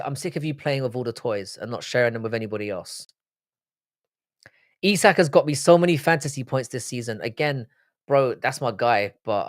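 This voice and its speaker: A young British man hosts a live-stream panel, trading casual, blunt and profane banter. His voice sits at medium pitch, and the recording is studio quality with no room sound.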